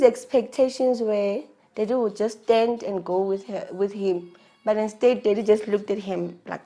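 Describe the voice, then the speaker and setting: A woman's voice: medium pitch, fairly even intonation, normal speed, warm tone. A South African woman in her thirties, emotionally confiding a personal story with frequent restarts. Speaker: vlogger.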